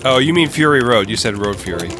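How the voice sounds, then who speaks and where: A podcast co-host chats casually in a fast, expressive, medium-pitched voice. He is hesitant, using lots of fillers, and laughs easily.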